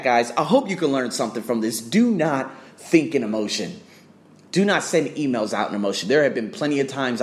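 A man ranting bluntly to camera about business, swearing often and firing off rhetorical questions. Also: medium pitch. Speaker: fitness trainer.

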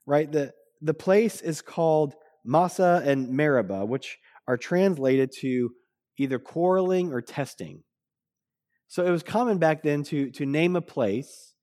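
Lively conversational male pastor. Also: fairly high pitch. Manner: conversational, jokey, asks the congregation "right?". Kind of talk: sermon.

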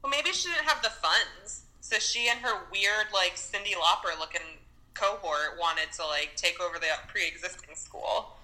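Very bright-voiced woman chatting casually. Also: fairly low pitch, a little slow, rough recording. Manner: chatty, recounts scenes with fillers. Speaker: podcast co-host reviewing a film. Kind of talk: casual chat.

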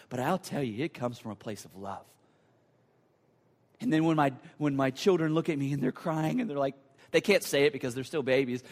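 Earnest preaching man in a reverberant hall. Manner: earnest, building to emphatic high points, then hushed and prayerful. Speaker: pastor. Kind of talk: sermon.

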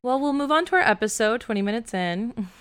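This podcast co-host is a woman whose fairly high voice sounds clear and resonant at a normal pace. In casual chat, she tells a story with animation and leans hard on "like."

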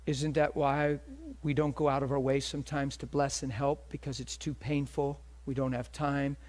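A male preacher delivers a sermon in the form of a personal story. His voice sits in a middle male range. He moves from hushed, intimate moments to loud, emphatic ones. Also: medium pitch, moderate pace. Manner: animated storytelling, swings between loud and hushed.

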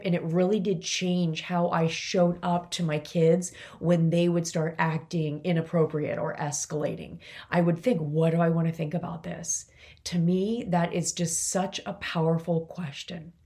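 A woman's voice: fairly low pitch, a little mellow. Earnest mother telling a personal story. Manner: earnest, emotional, confiding. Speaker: podcast host, mother of three boys.

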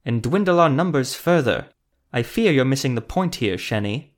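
A man's voice: medium pitch, lively intonation, moderate pace, close to an everyday voice. A man voicing a weary, scarred male elf sorcerer who speaks tensely and insistently.

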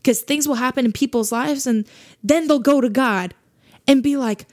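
A woman's voice: high voice, moderate pace. A woman hosting a faith podcast, talking earnestly in a monologue and repeating her points for emphasis. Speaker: podcast host.

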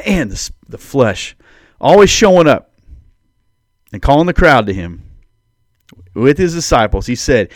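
A man's voice: mid-range voice, very animated, measured pace, pauses often, no room sound. Man preaching in a dry podcast voice. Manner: conversational, preacherly, rising emphatic bursts. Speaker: podcast host. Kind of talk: devotional podcast teaching.

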